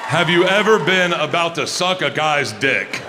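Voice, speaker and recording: A man in his fifties telling stand-up stories on stage, loud and swinging between low asides and shouted high bursts. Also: expressive, measured pace. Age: 50s. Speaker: stand-up comedian. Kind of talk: stand-up comedy storytelling. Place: large arena on stage. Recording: live show with clear crowd noise. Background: audience laughter.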